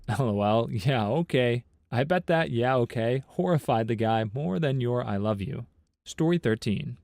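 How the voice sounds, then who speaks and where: A man narrating a compilation of internet stories and comments in a steady, even read-aloud manner. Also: mid-range voice, moderate pace, vocal fry, no room sound, clean studio sound. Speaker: narrator of online story compilations.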